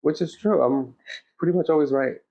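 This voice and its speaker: A woman co-hosts a podcast, chatting casually in a blunt, emphatic way and swearing freely. Her voice sits low and has a warm tone with vocal fry, and she talks fairly quickly. The lo-fi audio is slightly muffled.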